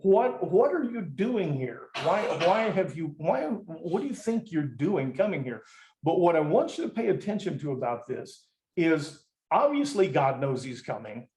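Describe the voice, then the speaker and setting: Brief: male preacher, casual emphatic teaching, slightly high voice, echoey room. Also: darkish tone. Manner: conversational, emphatic, with frequent restarts. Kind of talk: teaching sermon. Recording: roomy echo.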